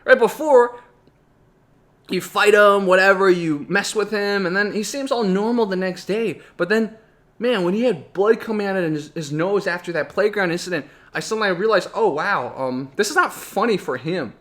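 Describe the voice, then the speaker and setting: High-voiced young man rambling through a memory. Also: normal speed, fairly bright tone. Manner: rambling, with frequent restarts and asides. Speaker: vlogger. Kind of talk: reflective personal storytelling.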